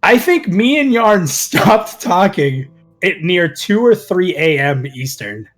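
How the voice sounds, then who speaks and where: A man with a fairly high voice that swoops up and down through his sentences. He tells stories in a casual group chat, and laughter keeps breaking into his words. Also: takes it slowly, soft background music. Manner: animated storyteller, laughs often mid-sentence. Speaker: show regular telling a story.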